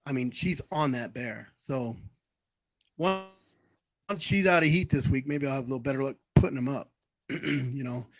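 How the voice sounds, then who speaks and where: A man's voice: medium pitch, normal speed, long pauses, poor audio. A man hosting a casual livestream chat, telling long rambling anecdotes. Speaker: livestream host.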